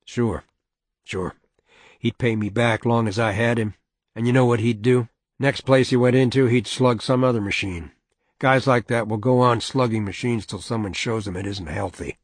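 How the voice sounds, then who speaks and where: A man voicing a rough, contemptuous man who speaks in a low, clipped and dismissive way. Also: steady tone, normal speed, no room sound, natural voice. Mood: curt, cold.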